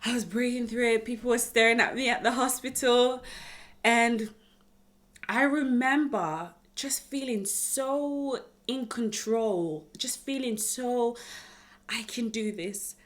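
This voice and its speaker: Woman in her 20s with a British accent, casual storytelling vlogger who is expressive and talks straight to camera. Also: fairly high pitch, takes it slowly. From United Kingdom. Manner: chatty, expressive, speaks straight to viewers. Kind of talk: personal storytelling vlog.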